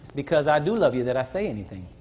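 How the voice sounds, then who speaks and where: An older man preaching a sermon to a congregation, teasing and blunt, rising to shouts and dropping low. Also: big pitch swings, racing, a little hiss or hum. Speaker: pastor. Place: church. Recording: dull lo-fi church recording, faint crowd.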